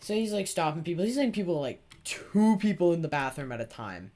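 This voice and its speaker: A man's voice: a little high, sing-song, brisk, a little mellow. A teenage boy hosting a gaming video, telling a rambling, sarcastic story full of swearing while he plays. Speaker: gaming channel host. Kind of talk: casual storytelling over gameplay.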